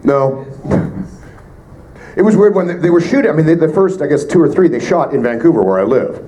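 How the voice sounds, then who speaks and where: A Canadian voice actor answering fan questions at a convention panel, joking with quick asides. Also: male voice, fairly high pitch, animated, mellow, muffled recording. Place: convention panel room with audience. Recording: live room with crowd noise.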